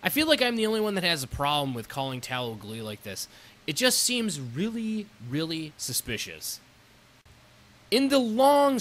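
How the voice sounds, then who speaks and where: A man narrating a sarcastic, crude comedic review of a movie, with sudden loud outbursts. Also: fairly high pitch.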